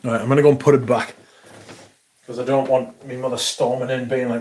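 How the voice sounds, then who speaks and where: A British man hosting a casual livestream, chatty and excitable, swearing freely as he talks to his viewers. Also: mid-range voice, fairly quick, slight background noise. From Britain. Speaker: livestream host.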